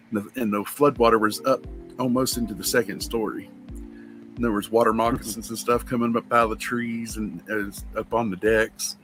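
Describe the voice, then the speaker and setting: A man's voice: fairly low pitch, a bit bright. Man, casual co-host, loose storyteller with a light laugh, faint music bed. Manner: rambling storyteller, laughs at his own stories. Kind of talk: casual chat.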